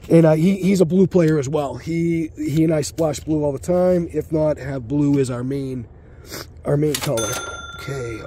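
A man's voice: fairly high pitch, mellow, a little hiss or hum. Sick man muttering through pack openings. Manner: rambling, crude, muttering under his breath. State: sick, short of breath. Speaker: card-opening channel host. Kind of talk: casual pack-opening commentary. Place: home basement room.

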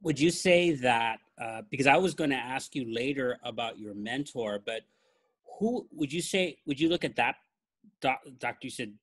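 A man's voice: mid-range voice, expressive, normal speed. A man hosting a podcast, asking a guest questions in a hesitant, stumbling way. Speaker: podcast host. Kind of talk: interview questions.

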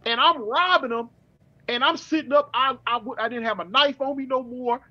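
High, bright-voiced middle-aged man, street slang. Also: muffled recording. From California. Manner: slangy, street talk, halting restarts. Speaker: guest. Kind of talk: casual storytelling.

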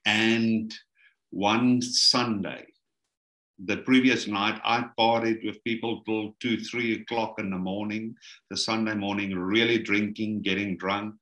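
A man's voice: lowish voice, unhurried, echoey room. South African man telling his story. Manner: animated storyteller acting out quoted voices. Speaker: guest telling his testimony. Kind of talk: storytelling interview.

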